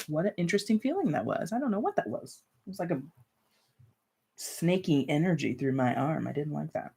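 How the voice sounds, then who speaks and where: With a sing-song, medium-pitched voice, a bit fast and edged with vocal fry, a tarot reader does a casual live-stream reading over some background noise. She talks straight to viewers in a loose way, laughing lightly and filling her sentences with "like" and "you know."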